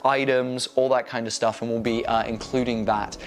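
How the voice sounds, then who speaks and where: A man's voice: mid-range voice, level tone, moderate pace. A man narrating a tabletop game as game master, casual and full of fillers. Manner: casual, filler-heavy storytelling.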